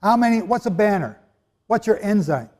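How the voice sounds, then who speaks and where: A man's voice: high voice, animated, normal speed, darkish tone. A man teaching the Bible to a live audience in a hall, emphatic, with rhetorical questions and joking asides. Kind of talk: sermon-style lecture to a live audience. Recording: echoey hall with long reverb.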